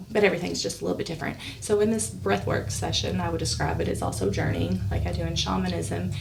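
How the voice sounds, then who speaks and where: A woman's voice: mid-range voice, creaky. A woman guest on a podcast, telling a personal story in a casual way. She acts out the lines of other people, laughs often and gets a little emotional. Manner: animated, acts out quoted dialogue, laughs often; emotional, close to tears at times. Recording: voice a bit far from the mic, faint hiss.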